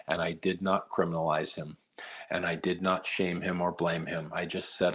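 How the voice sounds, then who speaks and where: A man's voice: deep voice, little pitch movement, normal speed, fairly bright tone. A middle-aged man giving an earnest storytelling talk, speaking steadily with frequent "uh" fillers. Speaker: nonprofit leader giving a talk.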